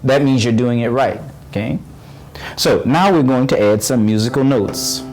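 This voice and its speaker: A male voice teacher talks a beginner through breathing and warm-up drills in a patient, encouraging way. His voice sits at an ordinary middle pitch, and he often stops to restart his sentences. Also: soft background music. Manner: patient, encouraging, demonstrates exercises; halting, restarts phrases often. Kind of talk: on-camera voice lesson.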